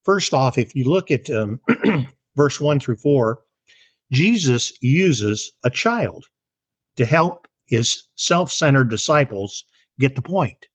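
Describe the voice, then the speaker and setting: A man's voice: medium pitch, animated, slow, slightly rough, no echo. A man reading a story aloud and then teaching a Bible lesson in an earnest, plain-spoken way.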